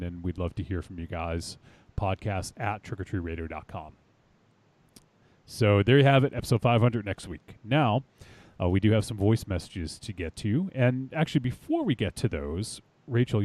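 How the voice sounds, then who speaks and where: A man hosts a podcast in a relaxed, upbeat chat that wanders a little. His voice sits low and sounds warm and mellow. The sound is dry, with no room echo. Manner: chatty and upbeat, easygoing rambling. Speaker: podcast host. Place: home studio.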